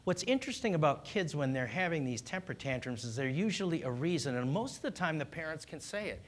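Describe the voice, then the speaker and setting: A man speaking as a doctor, calmly explaining how parents should handle their child's tantrums, earnest and instructive. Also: a little high, fast talker. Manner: calm, earnest, instructive, with small restarts. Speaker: doctor giving parenting advice. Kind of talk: explanatory talk on child discipline.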